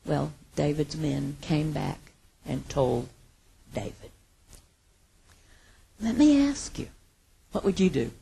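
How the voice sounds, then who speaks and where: A woman teaching from the Bible in a casual sermon, retelling the story with lively acted quotes and laughter. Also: low voice, slow pace, vocal fry, pauses often, breathy edge.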